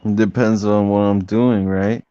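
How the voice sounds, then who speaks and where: A man's voice: fairly low pitch, steady tone, a little slow, warm tone, smooth, lo-fi sound. A man in a casual heated debate, telling stories in a rambling way, repeating himself and calling people bro. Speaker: debate participant.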